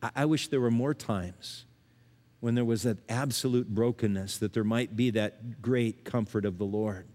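An older man preaching a sermon in a church, earnest, rising to emphatic lines and dropping to hushed, low ones. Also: moderate pace, long reverb tail. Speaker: pastor.

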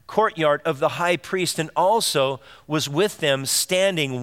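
A man's voice: a little high, measured pace, few pauses, a bit bright. A man preaching a sermon as pastor, earnest and direct, asking his listeners rhetorical questions. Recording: long reverb of a large hall.

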